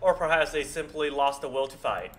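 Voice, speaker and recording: A man streaming a game, reading its dialogue aloud in a halting way and stopping often to correct himself. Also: fairly high pitch, soft background music. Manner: halting read-aloud with frequent stumbles and self-corrections.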